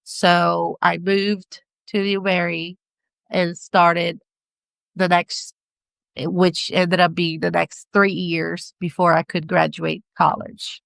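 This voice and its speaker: A woman's voice: on the low side, little pitch movement, takes it slowly, gravelly, fairly bright tone, dry recording. A middle-aged woman speaking English with a non-native accent, chatting as a podcast guest and laughing often as she searches for words. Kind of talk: casual interview chat.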